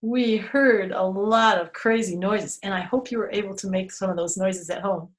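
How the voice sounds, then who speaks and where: A woman presenting a children's museum storytime and craft. She tells the story playfully, dropping to hushed whispers, then gives gentle step-by-step craft instructions to children from a table. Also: mid-range voice, fairly even intonation, normal speed. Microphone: camera she moves herself.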